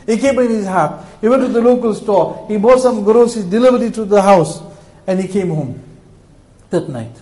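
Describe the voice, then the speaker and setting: A man preaching a sermon to his congregation, telling a moral story with impassioned, emotional appeals, swinging between loud passages and hushed ones. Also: high-pitched, poor audio.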